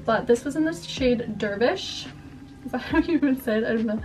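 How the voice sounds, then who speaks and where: A woman's voice: fairly high pitch, animated, brisk, far from the mic. A young woman vlogger chatting casually and rambling through a haul, using "like" a lot. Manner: chatty, rambling, heavy use of "like". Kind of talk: casual haul vlog chat. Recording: voice a bit off-mic, faint music behind. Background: faint background music.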